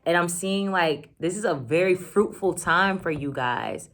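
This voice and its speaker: Low-pitched woman doing a tarot reading, chatty and hyped, lots of y'all and like. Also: lively intonation, measured pace, fairly bright tone. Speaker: tarot reader. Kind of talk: casual tarot reading to camera.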